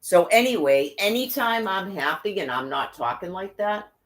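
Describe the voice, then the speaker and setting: A woman's voice: medium pitch, expressive, normal speed. A woman in an angry, profane rant, cursing constantly and speaking with bitter scorn.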